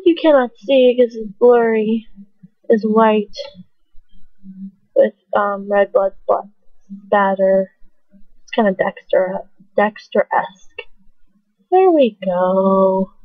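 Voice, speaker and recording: A woman's voice: mid-range voice, dry recording. A young woman vlogging casually at home into a webcam, rambling with lots of fillers and giggly asides. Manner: chatty, filler-heavy, giggly and self-mocking. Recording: dry, tinny phone-like sound.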